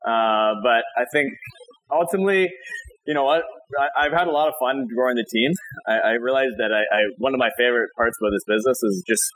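A man's voice: medium pitch, quick pace, fairly bright tone, poor audio. A man in his thirties, a guest on an interview show, talking in a friendly, rambling way with many restarts. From Canada. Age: 30s. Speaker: guest, real estate broker. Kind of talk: casual interview chat.

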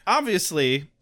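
A man co-hosting a casual recap podcast, his voice sitting a little high and moving through a wide, animated range. He talks in a joking, irreverent way. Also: creaky, husky. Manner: joking and irreverent, laughs often. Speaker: podcast co-host. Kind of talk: casual chat recapping a TV episode.

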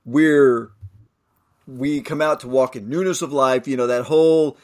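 A man co-hosting a Bible discussion podcast, thoughtful and halting, reading scripture aloud. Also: mid-range voice, steady tone, a little mellow. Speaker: podcast co-host.

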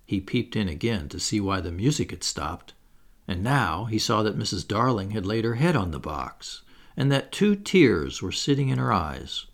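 A man's voice: on the low side, big pitch swings, normal speed. A man reading a children's story aloud, with wry asides to the listener. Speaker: audiobook reader. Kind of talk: scripted narration.

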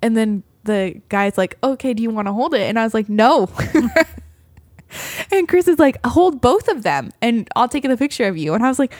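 A woman with a fairly high voice tells a story in casual chat, bubbly and quick to laugh as she acts out the quotes. The sound is dry and close, with no room echo. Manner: animated, laughing often, acting out quotes.

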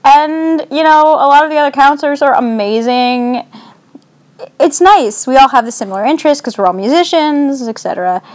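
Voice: sits high, expressive, normal speed. A young adult vlogger talking into a phone in a casual, anxious, rambling way. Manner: anxious, rambling, self-deprecating.

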